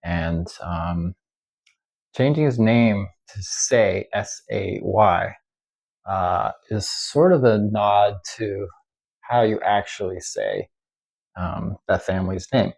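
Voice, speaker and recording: A man, a violinist, musing in a casual monologue, hesitant and full of pauses and fillers. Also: lowish voice, gravelly, darkish tone, rough recording. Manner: slow, hesitant, many ums and uhs. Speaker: violinist vlogger.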